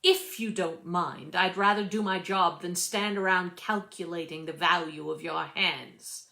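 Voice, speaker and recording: A woman's voice: lowish voice, fairly even intonation, unhurried, vocal fry, bright, forceful tone, full character voice. A woman voicing a stiff, condescending British male chef who speaks in clipped, over-enunciated words. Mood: curt.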